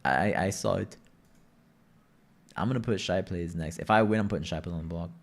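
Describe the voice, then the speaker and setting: A man's voice: deep voice, brisk, vocal fry. A young man streaming a game, chatting and telling rambling stories with plenty of swearing. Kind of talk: casual gaming commentary.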